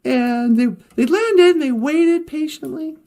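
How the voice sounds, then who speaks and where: A woman's voice: high-pitched, a little slow, dark tone. A woman telling a story casually on a livestream, rambling with restarts and laughing along.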